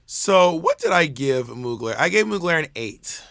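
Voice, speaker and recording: A man co-hosting a podcast, chatting casually in an animated, rambling way with many restarts. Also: fairly high pitch, moderate pace, vocal fry. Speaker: podcast co-host. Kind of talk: casual chat.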